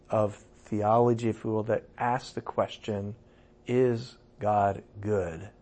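A man preaching a sermon and teaching from scripture, emphatic, with sudden loud raised passages. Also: lowish voice, little pitch movement, slow. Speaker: pastor.

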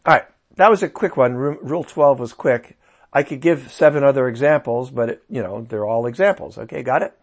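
A man teaching a Bible interpretation class, tired and talking slowly, asking his listeners rhetorical questions. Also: medium pitch. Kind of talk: lecture.

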